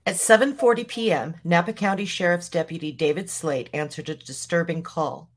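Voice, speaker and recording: A podcast host reading a scripted true-crime story in an even, measured way. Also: medium pitch.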